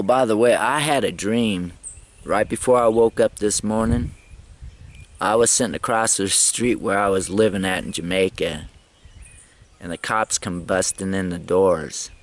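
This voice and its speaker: Rambling, chuckling low-voiced man. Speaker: travel vlogger. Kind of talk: casual travel vlog monologue.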